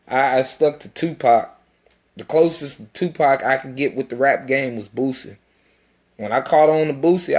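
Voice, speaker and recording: A man speaks straight to his audience in a loose, self-recorded monologue. His talk is intense and rambling, and he swears freely. His pitch sits in an ordinary middle range for a man. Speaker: independent rapper.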